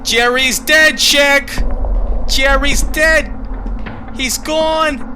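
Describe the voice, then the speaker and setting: A high-pitched man talks his way through a horror game in a slow, drawn-out way. He rambles nervously and swears often, with steady noise hissing behind his voice. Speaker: gaming channel host. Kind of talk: let's play commentary.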